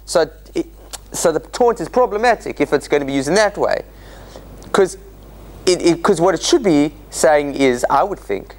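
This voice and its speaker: Male rabbi lecturer, slightly high voice, very animated pitch, quizzes the class. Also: normal speed. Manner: animated, questioning the class and acting out quotes. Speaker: rabbi teaching a Bible study class.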